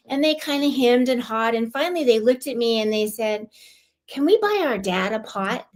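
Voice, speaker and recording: A woman from California, a guest on a live-streamed club show, telling a personal story in a heartfelt, animated way. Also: a little high, brisk. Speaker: guest, club lieutenant governor.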